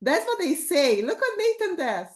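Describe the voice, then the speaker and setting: Excitable high-voiced woman host. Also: normal speed. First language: Portuguese. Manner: excited, exclamatory. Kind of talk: hosting an online English class.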